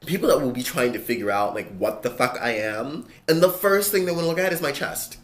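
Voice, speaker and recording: A gender-fluid vlogger with a man's voice, ranting to camera in a casual, animated and exasperated way, swearing often. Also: mid-range voice, moderate pace. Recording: echoey room with faint ambience.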